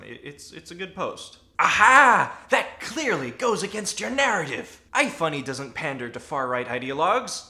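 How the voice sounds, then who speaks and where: A man delivering sarcastic, animated commentary with a crisp, bright tone. The recording has the echo of a bare room. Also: mid-range voice. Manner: sarcastic, animated, self-aware. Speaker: video essayist. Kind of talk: comedic commentary video.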